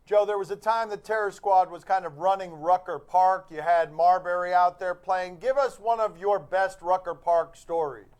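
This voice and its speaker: A man with a high voice hosts a sports talk show, debating in an animated, wry way. He builds long arguments and then tosses questions to his guest. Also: moderate pace, hardly any pauses, smooth. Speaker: host.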